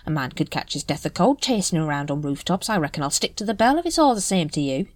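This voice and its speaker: A woman voicing a shifty, scruffy older male night watchman who mutters evasively in rough slang. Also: deep voice, sing-song, quick pace, dry recording. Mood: grumbling.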